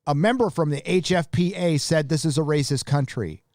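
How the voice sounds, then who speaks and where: A man's voice: fairly high pitch, moderate pace, darkish tone, dry recording, clean studio sound. A man hosting a live stream, reading viewer donations aloud and ranting bluntly with plenty of swearing. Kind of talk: casual live stream commentary.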